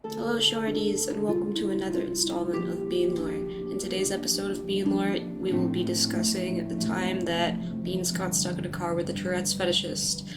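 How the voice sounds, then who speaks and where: Slow, deliberate woman announcer over guitar. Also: lowish voice, flat delivery. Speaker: episode intro narrator. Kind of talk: scripted show intro. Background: loud guitar music.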